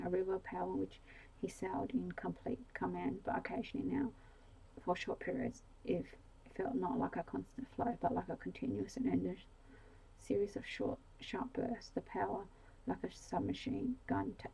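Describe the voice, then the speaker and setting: Woman, soft ASMR whisper, mellow and gravelly; bedtime story narration for sleep. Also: fairly even intonation, normal speed, rough recording. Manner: soft, slipping between whisper and low voice.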